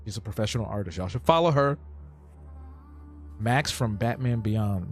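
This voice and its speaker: A man's voice: fairly low pitch, normal speed, long pauses, faint music behind. Joking man chatting on a live stream. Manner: joking, reacts to chat, thinks aloud while drawing. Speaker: streamer drawing cartoons live. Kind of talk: casual live-stream chat.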